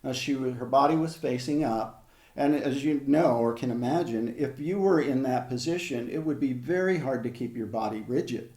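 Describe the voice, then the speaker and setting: Older man, hypnotherapist, measured conversational storytelling, warm mellow tone, echoey room. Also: medium pitch. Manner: measured, conversational, with frequent restarts and asides. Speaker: hypnotherapist guest. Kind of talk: reflective storytelling in an interview.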